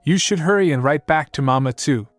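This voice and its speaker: A man's voice: fairly high pitch, fairly quick, no room sound, soft background music, voice pushed up, lightly acted. A man voicing a clever, blunt little girl princess in a storybook recap, talking in a matter-of-fact way. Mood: gentle.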